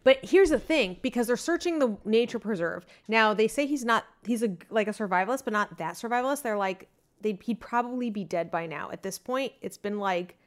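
A young woman co-hosting a casual podcast after a glass or two of wine. She is sarcastic and profane, and her speech jumps around with a slightly high pitch. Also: expressive, fairly quick. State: tipsy from wine. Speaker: podcast co-host. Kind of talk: casual chat.

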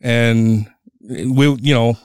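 A man telling a story in casual chat, heated and profane, retelling an angry run-in with lively animation. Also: medium pitch, extremely slow, clear, resonant tone, no room sound, studio quality.

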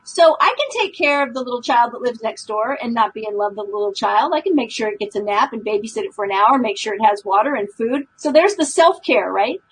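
Breathy woman, kinda high voice, earnest coaching talk on a podcast. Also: expressive, brisk, hardly any pauses, poor audio. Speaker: podcast co-host. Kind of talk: casual chat.

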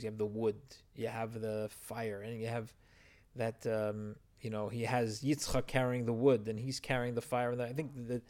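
A man's voice: mid-range voice, a little mellow. A man teaching a verse-by-verse Torah text study, explaining and translating Hebrew phrases as he goes.

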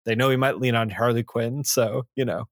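A man's voice: medium pitch, fairly even intonation, a little fast, no room sound, studio quality. Man chiming in on a comic podcast. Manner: chiming in, filling in plot details. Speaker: podcast co-host. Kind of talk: casual comic book chat.

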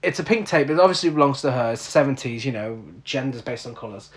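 A man's voice: medium pitch, lively intonation, quick pace. A man co-hosting a podcast, recapping a film with incredulous, exasperated humour. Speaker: podcast co-host. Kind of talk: casual film recap chat.

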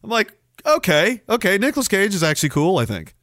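Guy hosting a stream, rambly, swears a lot, bright sharp voice, jumps all over in pitch, dry close mic. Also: very animated, fairly quick, no echo. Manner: rambling, swears, bursts into mock outrage and shouting. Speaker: podcast host reading chat. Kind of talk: casual livestream chat.

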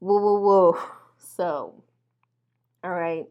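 A young adult woman from Milwaukee telling a profane, animated story straight to her listeners. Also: lowish voice, extremely slow, highs cut off. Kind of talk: casual storytelling to camera.

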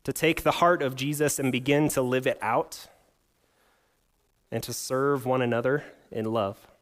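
A young male pastor preaches at a middle pitch with a steady tone, a little slowly. He reads scripture, poses rhetorical questions to the listeners, and drifts into a funny personal anecdote told in an easygoing storytelling way.

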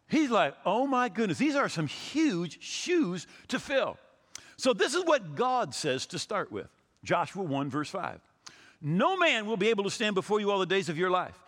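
A man's voice: sits high, bright, forceful tone, in a large hall. A man in his sixties, a pastor preaching a sermon, telling stories and acting out the people he quotes, often repeating his words as he goes. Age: 60s.

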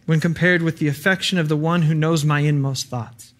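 A man's voice: a little high, steady tone, a little fast, a bit bright. Earnest man preaching a casual sermon. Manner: earnest, conversational preaching with fillers.

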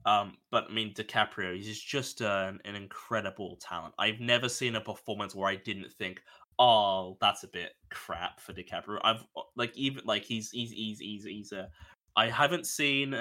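Australian man, podcast co-host, casual film chat, bright forceful tone, lowish voice, rambling, swears. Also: normal speed. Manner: rambling, restarts, frequent swearing.

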